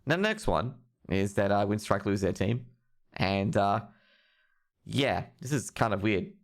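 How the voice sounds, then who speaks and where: A man's voice: lowish voice, lively intonation, a little slow. A young man hosting a live stream, ranting with heavy profanity about esports news. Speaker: streamer host.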